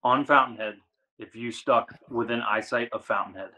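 A man from the Washington DC area, a guest angler, telling a story in casual chat, animated and full of "like". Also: medium pitch, rough recording. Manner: animated, fast, says "like" a lot.

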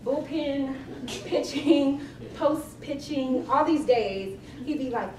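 In an echoey library event room, a middle-aged personal chef from Cleveland, Ohio, shares funny stories at an unhurried pace with a high-sitting voice. She's animated and laughs often; the distant recording carries crowd sound and slight hiss or hum.

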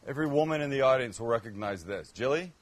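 A man's voice: mid-range voice, animated, quick pace. A man hosting a cooking show, chatting casually and joking with self-mocking asides as he cooks. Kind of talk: casual cooking demo chat.

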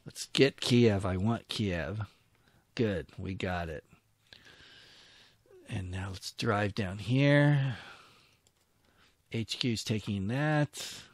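A man with a lowish voice drags out his words and leaves long pauses on a dry recording. He commentates his own strategy war game, muttering to his units, talking to himself, and grumbling when attacks go wrong.

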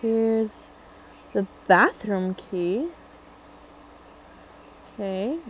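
Playing a horror game, this young gaming video creator comments casually and thinks aloud, turning jumpy and scared during chases. She speaks very slowly in an animated, medium-pitched voice, on poor audio with a little hiss or hum.

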